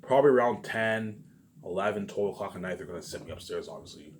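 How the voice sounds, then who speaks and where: With a fairly low, expressive voice and a fast pace, a vlogger rambles through a casual monologue, a little hiss or hum audible behind him. He keeps repeating himself and curses freely.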